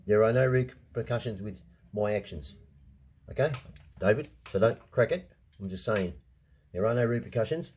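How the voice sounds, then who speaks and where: A man's voice: fairly low pitch, normal speed, pauses often, darkish tone, a little hiss or hum. A man with an Australian accent, ranting in a casual vlog monologue. He swears a lot, repeats himself, and keeps tagging his sentences with "right?". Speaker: vlogger.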